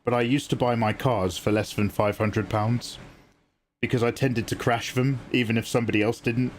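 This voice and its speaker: A man's voice: medium pitch, fairly even intonation, normal speed, slight background noise. A British man chatting casually with viewers on a live art stream, telling stories in a rambling, chatty way with casual swearing.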